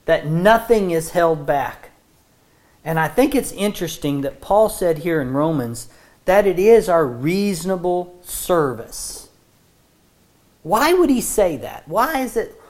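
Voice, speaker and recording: A woman preaching a sermon to a congregation in an earnest, conversational way, often repeating words as she restarts a thought. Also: on the low side.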